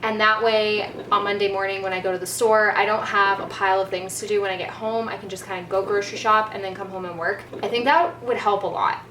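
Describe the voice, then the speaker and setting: A woman chatting casually to her vlog camera in her home kitchen, rambling and often trailing off soft and quiet. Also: medium pitch, fairly even intonation, quick pace, hardly any pauses, slight background noise. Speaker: cleaning vlogger. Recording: echoey kitchen, mic at a distance.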